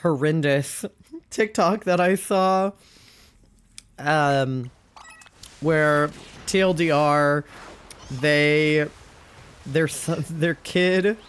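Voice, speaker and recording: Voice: medium pitch, extremely slow, long pauses, a little hiss or hum. A young adult streamer, sick and sounding off from their usual voice, chatting casually and rambling with giggles and lots of fillers. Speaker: Twitch streamer. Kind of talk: casual live-stream chat.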